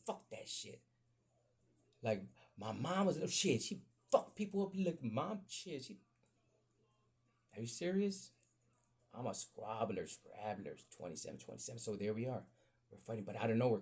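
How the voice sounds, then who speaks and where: A man with a gravelly, husky voice tells a rambling story full of swearing. He talks casually, and his voice climbs high when the story heats up. His pitch sits in a middle range. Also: normal speed. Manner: profane, animated storytelling that jumps up high in pitch when excited. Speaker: podcast host.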